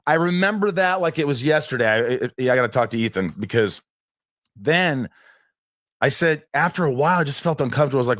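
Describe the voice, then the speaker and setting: A man's voice: medium pitch, lively intonation, fairly quick, fairly bright tone, no echo, clean studio sound. A man telling a personal story in an interview, rambling and restarting often as he acts out what people said.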